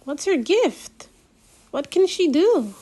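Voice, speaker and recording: A woman voicing an earnest, courteous young girl in a storybook reading, speaking in a bright, eager way. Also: very high-pitched, big pitch swings, slow, pitched above the performer's own voice, exaggerated voice.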